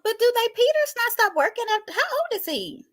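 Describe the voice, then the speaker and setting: A woman's voice: very high voice, big pitch swings, fairly quick, a bit bright, no room sound. A woman hosting a reality TV recap show, chatting casually, jumping between topics and laughing often. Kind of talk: casual chat.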